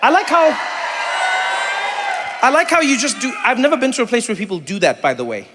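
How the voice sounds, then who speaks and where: Animated man doing stand-up in a hall. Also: very high-pitched, fairly quick, over a noisy crowd, very noisy. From South Africa. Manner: animated storytelling, acting out voices. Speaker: stand-up comedian. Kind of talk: stand-up comedy with crowd work. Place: large theater stage. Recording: reverberant hall with faint ambience.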